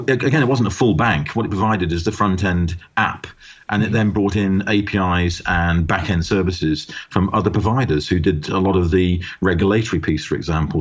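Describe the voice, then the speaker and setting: A very deep-voiced man answering interview questions as a guest author. He explains step by step and stumbles over repeated words as he starts. The audio is dull and lo-fi. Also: husky.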